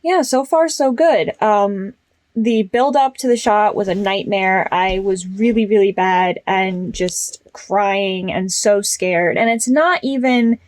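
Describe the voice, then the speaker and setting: A woman's voice: medium pitch, slow pace, no echo. A young woman talking openly and chattily to her phone camera in a personal vlog, with many fillers. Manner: frank and chatty, with frequent fillers. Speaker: vlogger.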